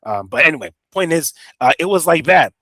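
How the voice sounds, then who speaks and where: A man's voice: fairly high pitch, animated, brisk, bright, forceful tone, no room sound. A man hosting a boxing podcast, telling the story in a loose, rambling and profane way. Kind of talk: casual chat.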